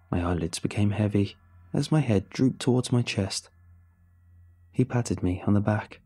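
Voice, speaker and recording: A man narrating a horror story in first person, with steady, measured storytelling. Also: lowish voice, breathy edge, faint music behind.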